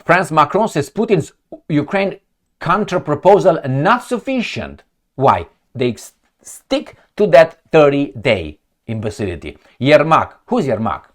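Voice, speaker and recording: A man's voice: fairly high pitch, sing-song, a little slow. Guy ranting over news headlines, sarcastic and heated, voice jumps around a lot. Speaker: political commentator. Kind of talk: reading and reacting to news headlines.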